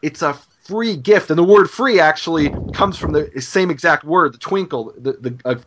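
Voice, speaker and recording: A man's voice: on the high side, normal speed, fairly bright tone, slight background noise. A man explaining scripture in an earnest conversational way, often restarting his sentences. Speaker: Bible scholar co-host. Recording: dull lo-fi podcast audio.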